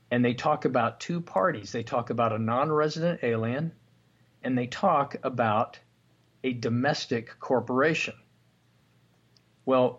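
A man's voice: medium pitch, breathy edge. A man hosting a podcast, reading legal documents aloud and asking questions as he explains them. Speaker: podcast host. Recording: dull lo-fi podcast audio.

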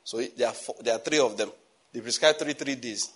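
A man with a Nigerian accent preaching a storytelling sermon, animated, with pidgin phrases mixed in. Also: mid-range voice, a little fast, breathy edge. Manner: animated, laughing asides, mixes in pidgin.

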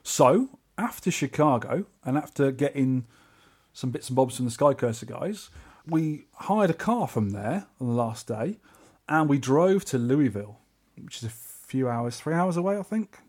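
A man with a London accent, co-hosting a podcast and telling a trip story in casual chat, animated and acting out the people he met. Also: medium pitch, normal speed, breathy edge. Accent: English, London. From England. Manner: animated, acts out quoted voices. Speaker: podcast co-host.

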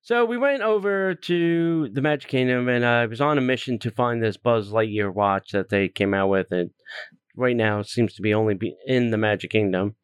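A man hosts a podcast in relaxed conversation. He tells the story with animated, exasperated asides and plenty of fillers. His voice is smooth and resonant, and the sound is dry and close. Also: mid-range voice, normal speed, no echo. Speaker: podcast host. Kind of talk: casual chat.

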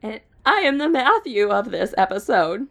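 A young woman co-hosts a casual comedy podcast, full of goofy quips and silly asides. Her voice runs a little high and lively, with a gravelly fry at the ends of phrases. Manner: goofy, jokey, quick asides. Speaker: podcast co-host.

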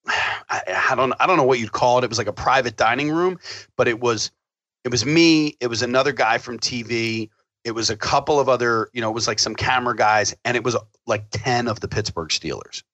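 Man, casual storyteller, swears freely and acts out quotes, bright forceful voice, dry sound. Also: medium pitch, brisk, no echo, muffled recording. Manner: profane, animated storyteller acting out quotes.

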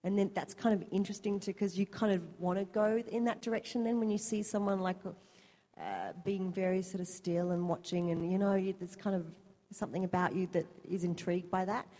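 A woman's voice: medium pitch, brisk, mellow. A woman actor chatting on a convention panel, laughing often and telling stories with animation. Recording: long hall reverb.

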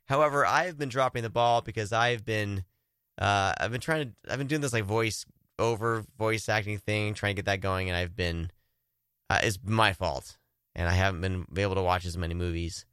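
A man's voice: on the low side, moderate pace, a bit bright, clean tone, no echo, studio quality. A man hosting a casual horror-movie podcast, rambling with restarts and frequent laughs. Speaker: podcast host. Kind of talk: casual chat.

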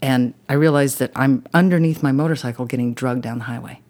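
A woman with a very deep, slightly mellow voice talks briskly as a podcast guest sharing a personal story. Her account rambles earnestly with many "you know" interjections, growing emotional and intense when she gets to the crash.

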